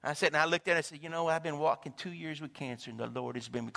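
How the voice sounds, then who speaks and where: A high, bright-voiced man preaching a sermon, telling stories and calling out to the congregation. His voice rings with the long reverb of a big church hall. He drifts between quiet, low storytelling and loud, high-pitched calls. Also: very fast, gravelly.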